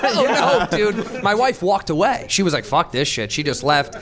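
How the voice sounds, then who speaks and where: A man from Chicago, a comedian guest, telling stories in an animated way, swearing a lot and shouting out the quotes. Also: high voice, normal speed. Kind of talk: animated storytelling on a talk show.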